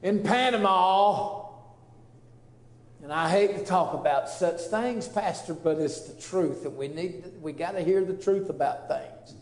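A man's voice: a little high, normal speed, hardly any pauses, darkish tone. A man, a preacher telling an earnest, emotional testimony story. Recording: roomy echo.

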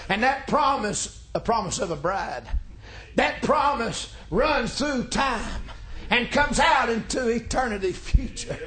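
A male pastor, preaching a folksy, joking sermon that climbs into shouts. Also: extremely high pitch, animated, takes it slowly. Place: church sanctuary.

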